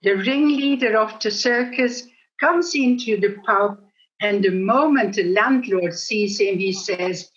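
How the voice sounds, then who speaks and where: Older woman, meditation talk, gentle storyteller, unhurried, muffled lo-fi recording. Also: mid-range voice. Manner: gentle storytelling, laughs at herself. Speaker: speaker on meditation. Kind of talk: reflective spiritual talk.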